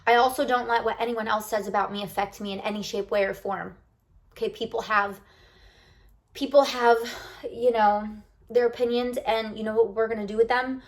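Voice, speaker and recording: A woman's voice: on the high side, moderate pace. Bubbly woman chatting to camera. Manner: bubbly, animated, talks straight to the viewer. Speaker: lifestyle vlogger. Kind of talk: casual chat to camera.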